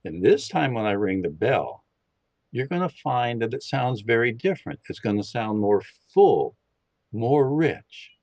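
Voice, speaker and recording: A man on a podcast who guides listeners through a meditation, speaking in a calm, slow and instructive way. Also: mid-range voice, no echo. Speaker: podcast guest leading a meditation. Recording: dull lo-fi, dry sound.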